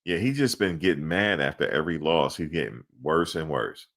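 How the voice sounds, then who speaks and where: A man's voice: extremely low pitch, expressive, normal speed, gravelly, a bit bright. A man co-hosting a sports podcast in casual chat, slangy and laughing often.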